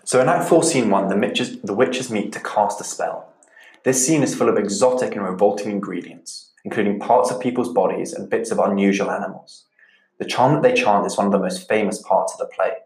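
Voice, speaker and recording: A man with a fairly low voice explains a literature lesson in a calm, measured way, going back over key points for his students. The recording sits in a noticeably echoey room. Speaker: teacher.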